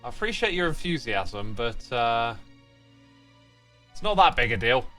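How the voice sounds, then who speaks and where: A man's voice: mid-range voice, sing-song, unhurried, sharp tone, faint music behind. A man hosting a casual gaming livestream, reading chat messages aloud and answering them in a playful, teasing way. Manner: playful, teasing fake sign-offs. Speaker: livestream host.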